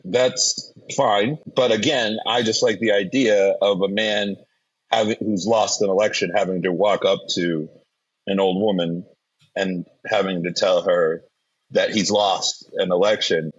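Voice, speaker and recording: Casting note: laid-back guy, husky low voice, crude jokey podcast host, lo-fi sound. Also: fairly even intonation, a little slow. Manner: joking, profane, laughs a lot. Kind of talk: casual chat. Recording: dull lo-fi sound.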